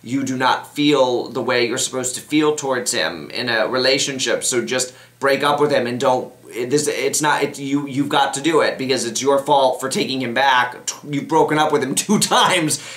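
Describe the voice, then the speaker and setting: A man hosts a casual advice show, reading viewer letters and answering them in a chatty, rambling way, often interrupting and restarting his sentences. His medium-pitched, fairly bright voice moves at a moderate pace with hardly any pauses, in an echoey room.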